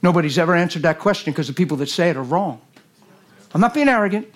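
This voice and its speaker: A man preaching a sermon in a church, animated and jokey, swinging from loud bursts to hushed lines. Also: on the high side, fast talker. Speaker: guest preacher.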